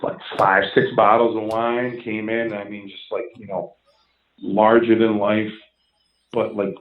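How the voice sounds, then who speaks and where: A man, telling music stories in a casual interview, animated and swearing freely. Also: fairly low pitch. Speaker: musician guest. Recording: echoey, dull lo-fi sound.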